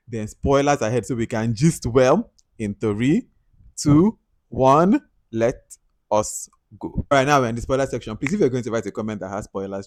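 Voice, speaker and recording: A man with a Nigerian accent giving a casual, chatty film review, animated and laughing often. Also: medium pitch.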